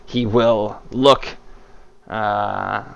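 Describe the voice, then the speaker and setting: Gravelly male game master. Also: on the low side, drawn-out words, lo-fi sound. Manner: animated narration with sound effects. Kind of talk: narrating a tabletop game.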